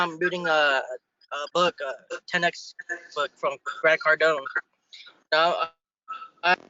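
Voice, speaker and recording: A man's voice: fairly high pitch, pushed and bright, dry recording. A young man speaking earnestly on a team call about what motivates him. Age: young adult. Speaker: salesperson being promoted. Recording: dull lo-fi call audio.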